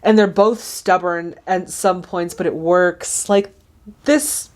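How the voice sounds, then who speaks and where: A woman's voice: fairly low pitch, fairly even intonation, slow pace. A young woman hosting a casual movie reaction, chatty and gushing, often laughing.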